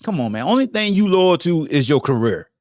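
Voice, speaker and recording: A man's voice: a little fast, no room sound, studio quality. A man hosting a podcast, giving a solo sports commentary rant in a slangy, profane way, talking straight to his listeners. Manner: animated, swinging between loud high bursts and low mutters. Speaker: podcast host.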